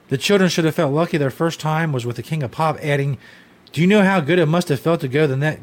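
A man hosting a podcast, giving profane, ranting commentary in a casual talk. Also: fairly high pitch. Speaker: podcast host.

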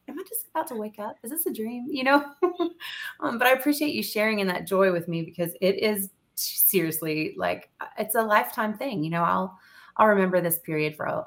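A woman's voice: medium pitch, a bit bright. Earnest grateful woman guest. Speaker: podcast guest. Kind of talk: casual interview chat.

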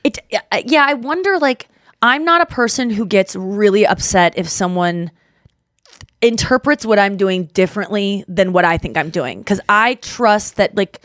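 A woman's voice: medium pitch, lively intonation, moderate pace, fairly bright tone, dry recording, studio quality. A woman in her thirties hosting a podcast, chatting casually and animatedly, acting out the people she quotes. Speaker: podcast host. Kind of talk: casual comedic chat.

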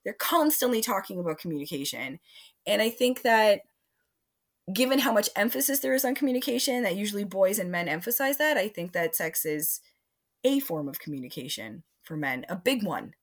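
A woman who is a sex educator and relationship coach, talking in an interview, with lively delivery and frequent acted-out quotes. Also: medium pitch, a little fast. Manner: expressive, acts out quoted voices. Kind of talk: animated interview talk.

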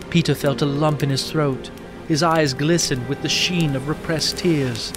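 A man narrating a Bible story in a measured, earnest way. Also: mid-range voice. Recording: narration over music.

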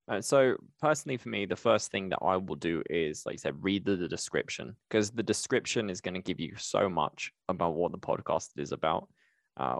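A man's voice: sits low, gravelly, no echo, studio quality. A man from the United Kingdom, talking casually and thoughtfully on a podcast. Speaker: podcast co-host, pitch team member.

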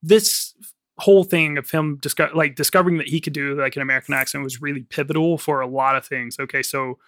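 Guy co-hosting a movie podcast, kinda high voice, rambles a lot, laughs between bits, dry close mic. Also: fairly even intonation, fast talker, a bit bright, dry recording. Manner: rambling with frequent fillers and laughs. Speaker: podcast co-host. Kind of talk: casual chat.

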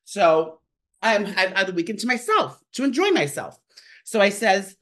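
A man's voice: sits high, big pitch swings, fairly bright tone. A man co-hosting a podcast, rambling through stories in casual chat from his kitchen. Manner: rambling storyteller, fast and chatty. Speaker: podcast co-host. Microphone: home microphone.

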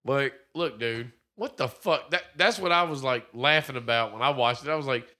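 A man in casual chat, mocking a movie with lots of swearing and animated retellings. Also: mid-range voice, moderate pace.

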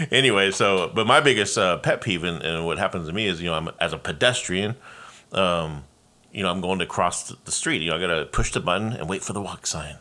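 A man from Los Angeles hosting his own podcast, ranting in a profane, animated way. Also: low-pitched, quick pace, slight background noise. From Los Angeles, USA. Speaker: podcast host. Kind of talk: casual solo rant.

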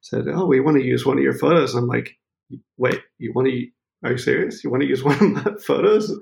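A man's voice: medium pitch, a little fast, darkish tone. A man telling a story as a photographer being interviewed, laughing often and acting out what people said. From Maine. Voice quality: gravelly. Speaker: photographer guest.

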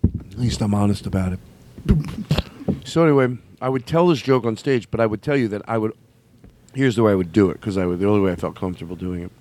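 A man's voice: lowish voice, fast talker, long pauses, slight background noise. A man hosting a comedy podcast, rambling and laughing as he acts out a stand-up bit. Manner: animated, rambling, laughing, restarts. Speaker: podcast host.

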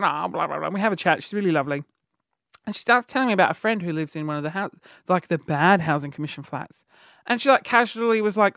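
A man tells a comedic story in a rambling, animated way, full of fillers and asides. He records in a studio, and the sound is close and dry with no room echo. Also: fairly high pitch, quick pace, gravelly. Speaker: podcast host. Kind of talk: comedic monologue.

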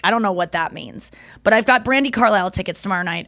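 A woman's voice: mid-range voice, fairly quick, no room sound, studio quality. A woman hosting a podcast, telling stories in casual chat, acting out the people she quotes and swearing freely. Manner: animated storyteller, acts out quotes. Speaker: podcast host.

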